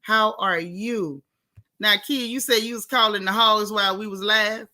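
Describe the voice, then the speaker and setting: A woman hosting a casual livestream, warmly greeting chat viewers one by one by name. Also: medium pitch, steady tone, normal speed. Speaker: livestream host. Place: home in Texas.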